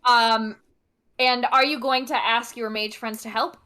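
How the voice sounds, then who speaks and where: A young woman running a tabletop game as game master, chatty and narrating with many pauses and restarts. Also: on the high side, steady tone, sharp tone, clear, resonant tone. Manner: chatty, lots of fillers and restarts while narrating.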